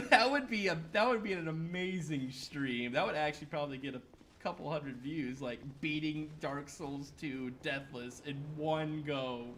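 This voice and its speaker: A young man live-streaming a game, talking excitably and rambling, swearing often and reacting to chat. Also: on the high side, unhurried, slight background noise.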